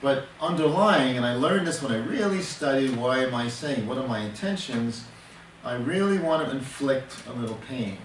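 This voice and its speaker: With a mid-range voice that is expressive at a moderate pace, an older temperament counselor teaches earnestly, using everyday examples and frequently restarting his sentences. The microphone sits far from him in an echoey room, and faint noise can be heard.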